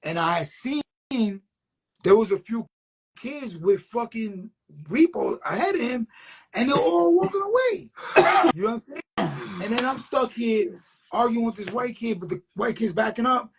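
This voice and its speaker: A man speaks in a husky, slightly raspy voice that sits a bit higher than most men's. He rambles through street stories in a loose, profane way, full of streetwise slang and constant check-ins with the listener. It sounds like a casual sit-down interview with a graffiti writer. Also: lively intonation, measured pace. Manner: loose, profane, streetwise, peppered with "you know what I'm saying".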